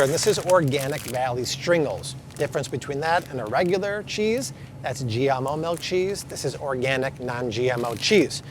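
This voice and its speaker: An upbeat man walks the store aisles as he vlogs, leaning hard on each price he calls out. His voice sits a touch higher than most men's. A faint hum of the store carries underneath. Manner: upbeat, emphatic price comparisons. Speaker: grocery vlogger. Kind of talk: store walkthrough vlog. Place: supermarket aisles.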